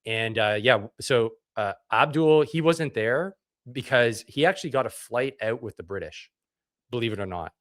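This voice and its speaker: A man's voice: mid-range voice, expressive, moderate pace, fairly bright tone, no echo. Blunt, profane man in dry sound. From Canada. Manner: blunt and profane, acts out dialogue. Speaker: interview guest, military veteran. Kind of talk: casual interview storytelling.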